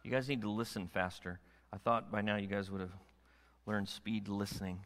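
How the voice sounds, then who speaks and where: Pastor guy preaching, bright forceful voice, goes quiet then loud, big church reverb. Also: lowish voice, moderate pace. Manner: animated, swings between hushed and forceful. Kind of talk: sermon. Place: church sanctuary. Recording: long hall reverb.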